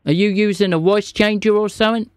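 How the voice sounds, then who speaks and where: A man's voice: high voice, steady tone, quick pace, clear, resonant tone, dry recording. A man streaming a scam-bait phone call, feigning confusion and playing dumb with the caller. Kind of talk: prank call.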